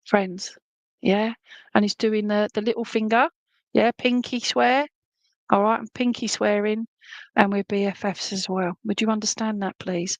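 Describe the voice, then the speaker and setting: A woman giving live psychic readings to viewers, chatty and animated, humming tunes and relaying messages as she goes. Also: mid-range voice, moderate pace, no room sound.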